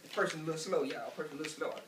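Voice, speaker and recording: Stand-up comic, man, high bright voice, rambling repetitive delivery, room echo and distant pickup. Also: rapid-fire, slight background noise. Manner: loose, repetitive storytelling with asides to the crowd. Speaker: stand-up comedian. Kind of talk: stand-up comedy routine. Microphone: camera from a distance. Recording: echoey room picked up from afar.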